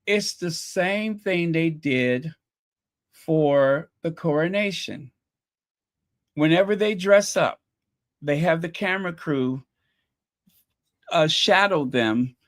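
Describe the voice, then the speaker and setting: A man hosting a casual live commentary stream, chatty and exasperated, thinking aloud as he talks to his viewers. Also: on the high side. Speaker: livestream commentary host.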